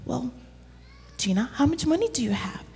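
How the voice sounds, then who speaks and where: A woman voicing a kind, generous woman shopkeeper who speaks gently and coaxingly, in a church children's story. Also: sits high, big pitch swings, normal speed, breathy edge, heavily acted. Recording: reverberant church hall.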